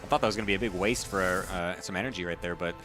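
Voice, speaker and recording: A man casting a live esports match, energetic and chatty, laughing often. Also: deep voice, very fast, faint music behind. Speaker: esports caster. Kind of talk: live game commentary.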